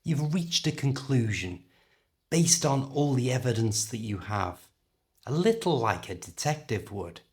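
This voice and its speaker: A middle-aged man with a British accent teaching an English lesson, carefully and clearly modelling how words are pronounced. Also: medium pitch, sing-song, a little slow, a little mellow. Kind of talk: language lesson.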